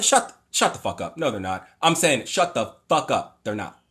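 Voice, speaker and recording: A man's voice: fairly low pitch, big pitch swings, a little fast, a bit bright. A man hosting a livestream, reading passages aloud and ranting about them with sarcastic, exasperated, profane commentary. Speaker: livestream host. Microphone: phone or webcam mic.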